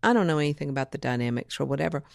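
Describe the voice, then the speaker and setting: A woman's voice: deep voice, lively intonation, very fast, creaky, dry recording, clean studio sound. A woman guest, from Mississippi, telling a long story in an interview and acting out other people's lines. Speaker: guest, music producer and author.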